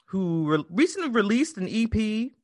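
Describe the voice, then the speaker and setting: Animated, profane woman podcast co-host. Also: medium pitch, moderate pace, dry recording, studio quality. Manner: profane, animated storytelling with put-on quotes. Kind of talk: casual chat.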